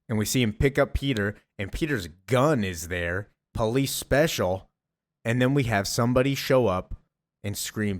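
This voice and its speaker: Give me a chatty, enthusiastic man recapping comics with an animated voice. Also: medium pitch, normal speed. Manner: chatty, enthusiastic, rambling asides.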